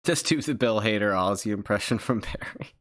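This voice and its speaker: A man's voice: on the low side, brisk, fairly bright tone. A man hosting a casual livestream, rambling through chat questions with profane joking accusations. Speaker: channel host.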